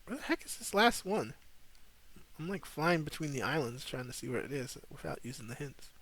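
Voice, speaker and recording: A man's voice: a little high, sing-song, fairly quick, fairly bright tone, a little hiss or hum. A young man hosting a casual live stream, chatting loosely and rambling while he plays a game. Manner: laid-back, rambling, slangy. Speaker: streamer host.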